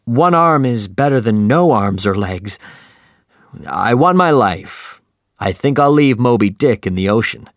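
A man's voice: medium pitch, animated, unhurried, no room sound, clean studio sound. A man reading aloud and voicing a friendly one-armed sea captain who speaks firmly and sensibly.

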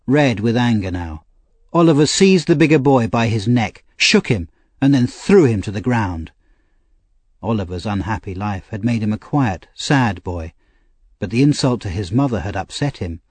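A man narrating an audiobook in a measured, expressive storytelling manner. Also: lowish voice, slightly rough, no room sound.

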